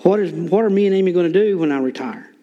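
A man's voice: sits high, animated, quick pace, dark tone, lo-fi sound. An older man preaching an informal sermon in a church, folksy with joking asides and lots of fillers. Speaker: lay preacher.

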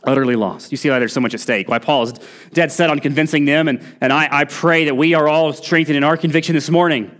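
A pastor preaches in a church sanctuary, his slightly high, fairly bright voice moving at a quick pace with a steady tone. Earnest and pressing, he lifts his voice to stress key points and occasionally restarts a line.

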